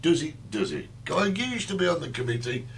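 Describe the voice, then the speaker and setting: A man's voice: on the high side, expressive, a little fast, creaky. A man hosting a casual talk show, teasing his co-host and greeting listeners by name. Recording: faint hum.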